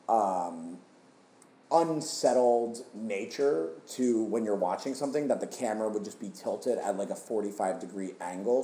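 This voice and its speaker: A man co-hosting a casual film review podcast, talking in an animated way and slipping into silly voices. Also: fairly low pitch, roomy sound. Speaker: podcast co-host.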